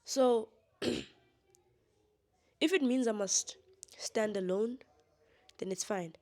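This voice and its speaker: A woman's voice: mid-range voice, lively intonation, very slow, darkish tone. A young woman talking straight to camera in a candid vlog monologue, blunt and defiant, laughing often. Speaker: vlogger.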